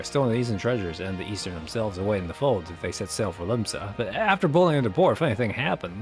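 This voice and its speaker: A man voicing a gruff, cocky male pirate guild leader who talks in thick thieves' slang while reading a game quest aloud. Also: fairly low pitch. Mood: scheming.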